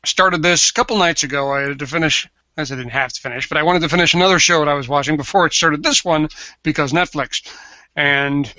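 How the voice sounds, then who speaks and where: A man co-hosting a casual podcast chat. He is teasing and blunt, with quick jabs. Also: a little high, sharp tone, dry recording. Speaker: podcast co-host.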